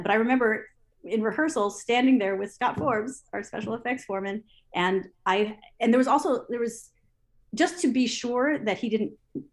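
A woman recounting television production stories in an interview, lively, acting out her own past thoughts aloud with many fillers and restarts. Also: medium pitch. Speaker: interview guest, TV assistant director. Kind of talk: storytelling in an interview.

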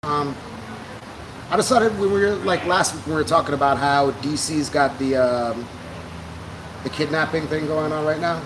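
Rambling, higher-voiced podcast co-host man. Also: normal speed, pauses often, noisy background. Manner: rambling, restarts, laughs at own jokes. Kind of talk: casual chat.

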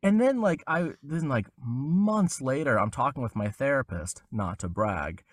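A man's voice: measured pace, no echo, studio quality. A young adult man, a voice actor guest, telling a casual story in an interview and acting out the voices of the people he quotes. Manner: animated, acts out quoted voices with big pitch jumps.

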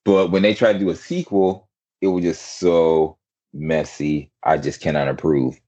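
A man's voice: rumbling low, fairly even intonation, measured pace, dark tone, muffled recording. A man hosting a podcast in casual chat, rambling with lots of fillers and restarts over an online call. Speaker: podcast host.

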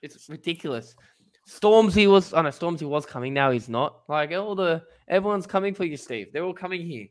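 A man's voice: fairly high pitch, lively intonation, a little fast. A man co-hosting a casual football podcast, talking eagerly and rambling with lots of fillers. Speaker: podcast co-host.

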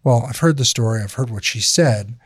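A man's voice: mid-range voice, fairly quick, slightly rough, no room sound, clean studio sound. A man hosting a casual podcast chat, talking bluntly and candidly with plenty of swearing. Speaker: podcast host.

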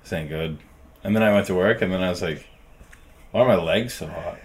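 A man co-hosting a podcast, telling stories in an animated, swear-heavy casual chat. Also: sits low, fairly quick. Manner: animated storyteller, swears a lot, laughs easily. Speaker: podcast co-host.

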